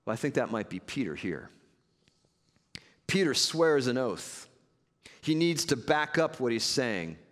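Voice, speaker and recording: A man preaching a sermon as pastor, earnest and measured with conversational asides. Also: mid-range voice, big pitch swings, a bit bright, long reverb tail.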